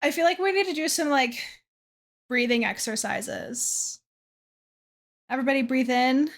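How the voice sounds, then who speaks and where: Slow-talking young woman streamer. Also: high-pitched. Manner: chatty, self-deprecating, trails off with fillers. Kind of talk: casual chat to a livestream chat. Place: dim room at her desk.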